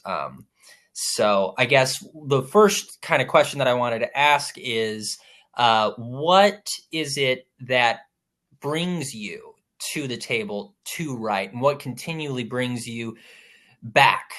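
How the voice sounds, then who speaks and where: A man's voice: medium pitch, slow pace, a bit bright. Hesitant male roundtable moderator. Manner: hesitant, many ums and restarts.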